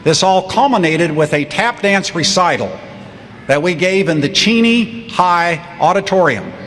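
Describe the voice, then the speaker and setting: A man's voice: high-pitched, a little slow, a little hiss or hum. Wry older man speaking in a hall. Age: 60s. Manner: wry, deadpan storytelling. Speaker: commencement speaker. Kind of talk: humorous commencement speech. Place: large ceremony hall. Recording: long hall reverb, faint crowd ambience.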